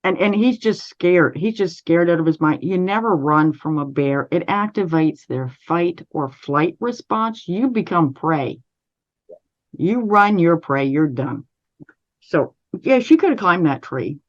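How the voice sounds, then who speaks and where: Canadian woman telling a story over lo-fi audio. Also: lowish voice. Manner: measured and steady, with frequent restarts. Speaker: interview guest. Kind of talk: recounting a personal story.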